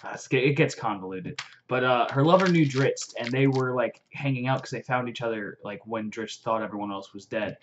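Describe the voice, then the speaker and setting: A young man excitedly recapping a fantasy novel in a rambling vlog, full of fillers and swearing. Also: medium pitch, a little fast, slight background noise. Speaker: vlogger. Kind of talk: casual book recap. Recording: dull lo-fi audio.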